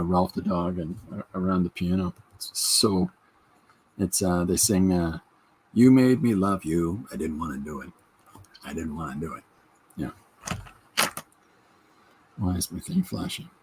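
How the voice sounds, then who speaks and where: A man's voice: mid-range voice, gravelly, darkish tone, slightly rough. A man in his fifties hosting a podcast, chatting in a rambling way and reading out viewer comments. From Canada. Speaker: podcast host. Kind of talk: casual livestream chat.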